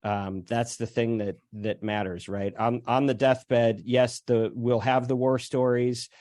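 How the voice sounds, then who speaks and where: A man hosting a casual chat on a video call, speaking thoughtfully with many pauses and fillers. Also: medium pitch, little pitch movement, a little mellow, no echo, clean studio sound. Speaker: host.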